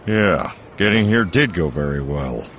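A man's voice: deep voice, lively intonation, a little slow, a bit bright, lo-fi sound, a little hiss or hum. A man reading an audiobook voices a wry, weary male space smuggler in a dry, sardonic way. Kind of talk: audiobook narration.

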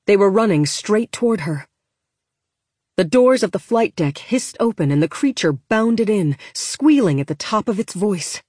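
A woman reading a storybook aloud in a steady, measured narration. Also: mid-range voice, husky, no echo, clean studio sound. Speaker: audiobook narrator.

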